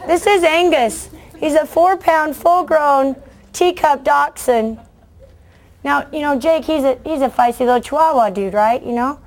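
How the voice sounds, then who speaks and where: A middle-aged woman, a children's book author, telling lively stories in a talk and acting out the voices of kids and adults. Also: high voice, unhurried, a faint crowd, a little hiss or hum. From United States. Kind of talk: lively storytelling speech to an audience.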